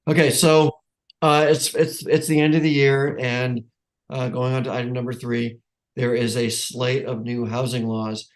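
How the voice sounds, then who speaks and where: Chairing a neighborhood council meeting, this New England man speaks in a level, mid-range voice at a measured pace. He rambles casually, often restarting and correcting himself, and chuckles a lot.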